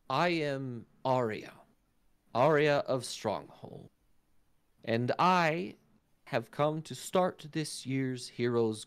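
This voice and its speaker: A man playing Arya, a stately high elf woman. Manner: formal, ceremonious announcer.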